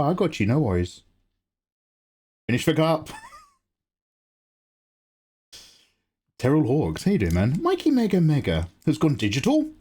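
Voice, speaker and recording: A grown man hosting a live drawing stream, chatting casually and teasing viewers as he answers chat. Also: a little mellow. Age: adult. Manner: chatty, teasing replies to chat, jumps up in pitch when greeting viewers. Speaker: livestream artist and host.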